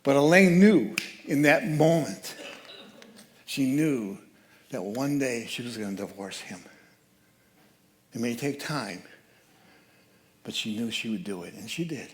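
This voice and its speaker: A man giving a sermon as guest speaker at a church, telling a story with lively changes of voice. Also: medium pitch, unhurried, pauses often. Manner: animated storyteller, acts out quoted voices. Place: church sanctuary.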